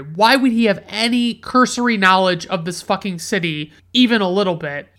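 A woman hosting a movie review show, talking in an unscripted, rambling way. She swears often and leans on filler words. Her voice sits at an ordinary middle pitch. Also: fairly bright tone. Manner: rambling, heavy swearing, many filler likes. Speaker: podcast host reviewing movies. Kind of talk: casual rant.

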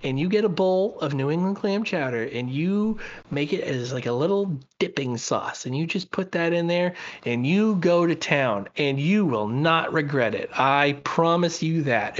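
A man's voice: a little high, expressive, moderate pace, few pauses, dull audio. A man co-hosting a podcast, chatting casually and enthusiastically with lots of fillers and restarts. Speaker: podcast co-host.

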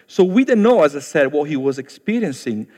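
A man's voice: fairly high pitch, sing-song, a little fast, darkish tone. Italian-accented man preaching in a reverberant hall. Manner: earnest, conversational preaching that addresses listeners directly. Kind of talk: sermon.

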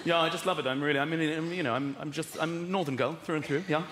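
A man voicing a young Northern woman newly moved to London, with a mock Sheffield accent, rambling and repetitive, in an echoey hall with a loud crowd. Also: fairly high pitch, steady tone, fast, noisy background, pitched below the performer's own voice, close to an everyday voice. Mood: gushing.

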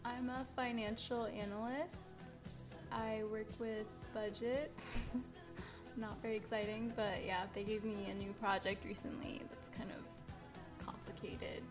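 A young woman in her twenties co-hosts a loose, casual podcast conversation and keeps giggling between lines. Her voice sits a little high. Music plays clearly behind her. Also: steady tone, unhurried. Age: 20s. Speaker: podcast co-host. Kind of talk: casual chat.

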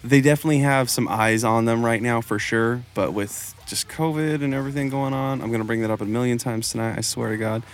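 A man's voice: mid-range voice, a little fast, few pauses. A young man co-hosting a podcast, laid-back and casual, swearing freely and filling his talk with fillers. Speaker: podcast co-host. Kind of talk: casual chat.

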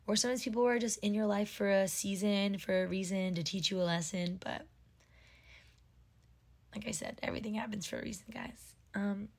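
A woman's voice: medium pitch, fairly quick, creaky, darkish tone. A woman in her twenties hosting her own podcast, talking casually and emotionally, with lots of fillers. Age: 20s. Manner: heartfelt and emotional, filler-heavy. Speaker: podcast host. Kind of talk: casual personal monologue.

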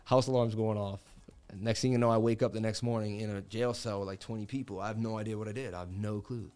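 A man's voice: fairly low pitch, fairly even intonation, fast, a little mellow, smooth. A man in his thirties from the Boston area, hosting a casual crypto livestream and telling rambling stories full of "like" and "you know, man.". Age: 30s. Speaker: crypto stream host.

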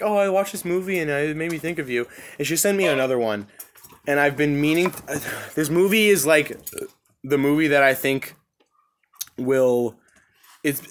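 A young adult man with a medium-pitched voice hosts a podcast in casual chat. He tells stories in an excitable, profane, animated way.

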